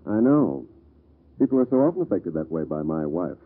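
An actor playing a bitter, self-doubting husband in an old-time radio drama, speaking in a rueful, sardonic way. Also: male voice, low-pitched, sing-song, brisk, breathy edge, exaggerated voice. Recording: lo-fi vintage radio recording.

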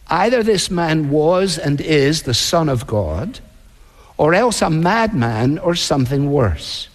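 A male pastor delivering a sermon in a measured preaching manner, slowing down to act out quoted voices. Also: on the high side, big-room sound.

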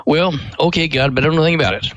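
A man's voice: fairly high pitch, racing, a bit bright, dry recording, voice pushed up, natural voice. A man voicing a young man in a story who argues with God and pleads to go his own way. The voice is raised and insistent. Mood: reluctant.

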